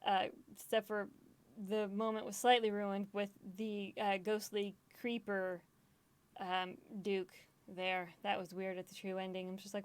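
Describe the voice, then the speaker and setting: A woman's voice: mid-range voice, level tone, a little slow, smooth. A woman gaming streamer in casual chat, rambling, swearing often and laughing easily, self-deprecating and emotional.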